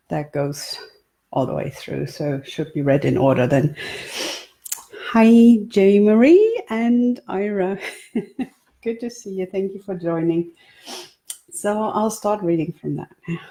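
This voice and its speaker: A woman author chatting in a relaxed way before reading live from her book for an online stream. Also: deep voice, creaky. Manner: relaxed, chatty, with ums and laughs. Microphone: webcam or phone for a live stream.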